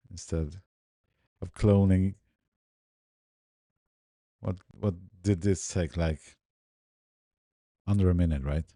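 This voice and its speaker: A man's voice: low voice, gravelly, no room sound, studio quality. A man talking through a photo editing tutorial, narrating his steps as he works and often muttering to himself. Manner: relaxed, muttering to himself while working. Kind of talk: screen-recorded editing tutorial.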